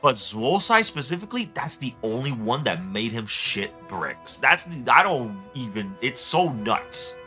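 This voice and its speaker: A young man streaming a game, rambling excitably as he tells stories and chats. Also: mid-range voice, a little slow, hardly any pauses, soft background music. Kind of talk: casual gameplay chat.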